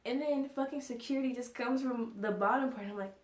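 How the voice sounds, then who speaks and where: A woman's voice: on the high side, steady tone, quick pace, hardly any pauses. A young woman vlogger telling a casual storytime, rambling and full of fillers like "like" and "you know". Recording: echoey room.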